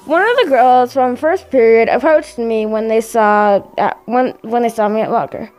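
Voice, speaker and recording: A woman's voice: fairly high pitch, measured pace, a little mellow, soft background music. A woman casually reading fan fiction aloud into a microphone, giggling, stumbling over words and adding chatty asides. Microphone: desk microphone.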